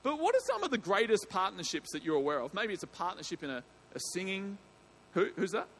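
A man's voice: high-pitched, big pitch swings, fast, fairly bright tone, a little hiss or hum. A man preaching an evening sermon in a church, chatty and jokey, often breaking off mid-sentence and bursting into emphasis. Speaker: pastor. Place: church hall.

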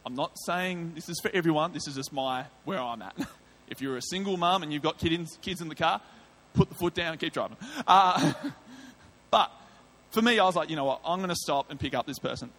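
Preaching a sermon testimony, an Australian man slides into recounting his own past, lively and vivid as he acts out his thoughts and words. He speaks at normal speed in a voice somewhat higher than the typical man's.

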